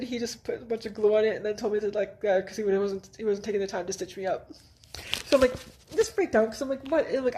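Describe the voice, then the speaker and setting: A woman with a medium-pitched, darkish voice shares a personal story casually on her vlog. She's in her thirties and from northern Manitoba, Canada, and she rambles, says "like" constantly, restarts often, and gives nervous laughs.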